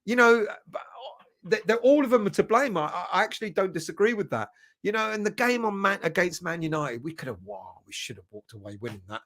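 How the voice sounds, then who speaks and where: Slightly high-voiced chatty male streamer. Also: sing-song, fairly quick, fairly bright tone. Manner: chatty, chuckling, greeting viewers by name. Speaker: football fan channel host. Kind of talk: live-stream chat reading viewer comments.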